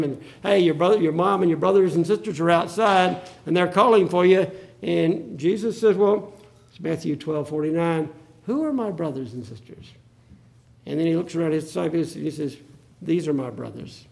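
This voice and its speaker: Male preacher, raised pitch, gravelly edge, dramatic quoting. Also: darkish tone. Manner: dramatic, acts out the Bible quotes. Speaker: pastor. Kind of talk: sermon.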